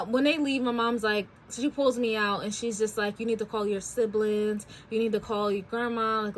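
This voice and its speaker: A woman's voice: mid-range voice, slight background noise. A woman in her twenties hosting a talk show, telling a personal story in a chatty, candid way with slangy asides. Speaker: podcast host. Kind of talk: casual storytelling.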